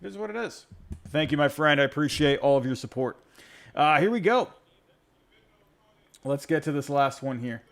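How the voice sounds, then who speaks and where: A man's voice: a little high, animated, normal speed, creaky, pauses often, fairly bright tone. A man hosting a casual postgame call-in show, talking in a rambling, self-interrupting way as he answers fan voicemails. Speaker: podcast host taking fan calls. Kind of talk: casual postgame sports reaction.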